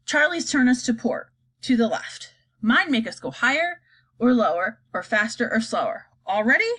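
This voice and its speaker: A woman reading aloud and voicing an eccentric, bossy grown man piloting a flying glass elevator, brisk and theatrical. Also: a little high, big pitch swings, a bit bright, husky, full character voice.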